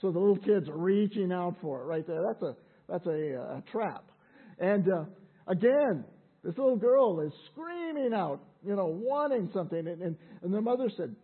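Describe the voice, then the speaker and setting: A man's voice: sits high, animated, normal speed, husky. A man preaching a sermon in a conversational way, often repeating words as he restarts. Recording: tinny phone-like sound.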